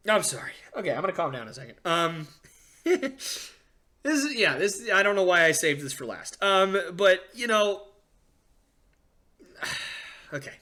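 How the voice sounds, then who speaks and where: A young man hosting a casual sports podcast, ranting excitedly with frequent fillers and restarts. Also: high voice, moderate pace. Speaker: podcast host.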